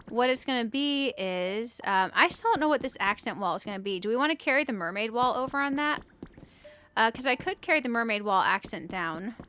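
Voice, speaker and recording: A woman's fairly bright, slightly high voice carries this casual let's-play. As the gaming channel host, she builds while chatting to viewers, thinking aloud and poking fun at herself.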